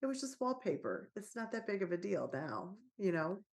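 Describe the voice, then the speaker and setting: A woman's voice: medium pitch, sing-song, normal speed, darkish tone. A woman, a parenting author and guest on a podcast, talks in an earnest, reassuring way and tells stories from her own life as a mother. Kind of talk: casual podcast conversation.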